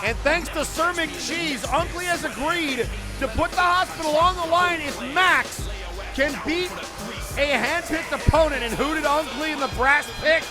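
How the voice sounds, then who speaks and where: A man calling play-by-play for an online wrestling show, excitable and bursting into frantic shouting at big moments. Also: very high-pitched, measured pace. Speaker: wrestling commentator. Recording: loud music and crowd noise behind.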